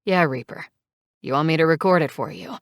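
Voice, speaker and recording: Woman voicing gentle male doctor, steady, low voice, dry recording. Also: brisk, no room sound. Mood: reassuring. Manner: calm, reassuring. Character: calm male club doctor, kind and steady.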